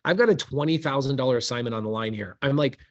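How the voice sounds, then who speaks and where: A man in a casual podcast conversation, telling a story with animated energy and casual slang, as a real estate investor. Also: mid-range voice, fast talker, highs cut off.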